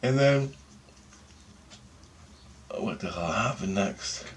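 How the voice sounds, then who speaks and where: A man casually telling a vlog story, animated and full of swearing. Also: lowish voice, takes it slowly, slight background noise. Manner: profane, animated retelling of a dream. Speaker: vlogger.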